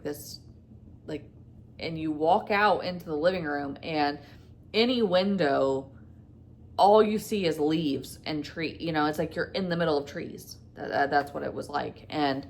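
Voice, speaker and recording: Woman, casual storytime, rambling with fillers, deep voice, vocal fry. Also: a little hiss or hum. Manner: rambling, retelling dialogue with many fillers. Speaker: vlogger.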